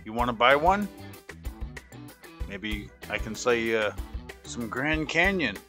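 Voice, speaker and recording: A man's voice: mid-range voice, big pitch swings, slow pace, sharp tone, faint music behind. A man hosting a reaction show, folksy and teasing in his comments between clips. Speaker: host.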